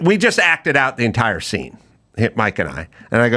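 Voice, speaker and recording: A man's voice: medium pitch, big pitch swings, normal speed, bright, forceful tone. A man hosting a podcast, telling a story in casual chat and acting out the quoted dialogue in big voices. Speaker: podcast host.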